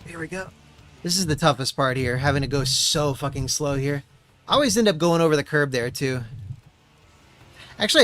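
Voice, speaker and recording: A man's voice: on the high side, fairly bright tone, dry recording. A man streaming a racing game, muttering to himself and swearing often as he chats. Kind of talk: casual gameplay commentary.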